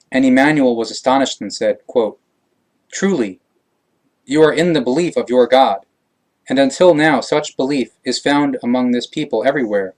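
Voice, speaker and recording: A man reads verses of a scripture aloud, unhurried and deliberate. His voice is of ordinary pitch for a man, and he keeps a solemn, steady cadence as he reads. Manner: slow, measured, solemn reading. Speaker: reader.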